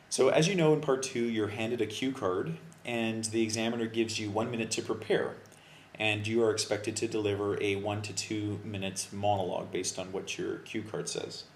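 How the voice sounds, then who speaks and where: A man coaching learners for an English speaking exam, talking loosely and thinking aloud with fillers and restarts. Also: lowish voice. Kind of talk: video lesson explaining exam phrases. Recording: roomy echo with faint background noise.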